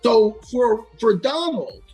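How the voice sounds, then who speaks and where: A man talking through a fight in casual chat, animated and quick to act out what fighters might have said, tripping over his words when wound up. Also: very high-pitched, slightly rough, soft background music, rough recording. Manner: animated, acts out quotes, stutters when wound up. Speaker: MMA analyst.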